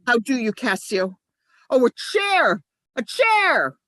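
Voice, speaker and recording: A woman reading the part of a scheming male ensign in an amateur play reading, moving between urgent shouts and low asides. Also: very animated, takes it slowly, no room sound, full character voice.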